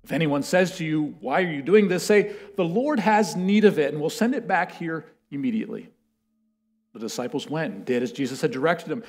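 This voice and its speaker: A man preaching a sermon and reading scripture aloud, swinging from loud declarations to hushed words. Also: fairly high pitch, animated, a little fast.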